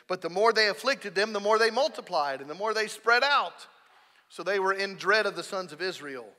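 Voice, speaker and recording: Emphatic high-voiced pastor preaching. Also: male voice, big-room sound. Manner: emphatic, rising to loud stressed peaks. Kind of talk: sermon. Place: church sanctuary.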